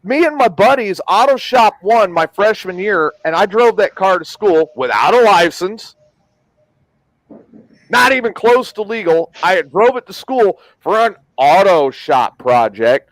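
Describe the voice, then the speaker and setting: A man's voice: high-pitched, big pitch swings, unhurried, no room sound, low-quality recording. A man telling profane, rambling stories in a casual chat, often laughing at his own tales. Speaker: podcast host.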